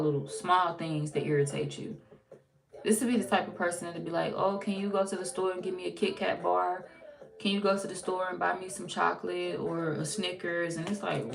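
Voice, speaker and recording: Low raspy lady reading tarot, talks like she's chatting with a friend, acts out what people say. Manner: chatty, acts out quoted dialogue, swears. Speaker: tarot reader.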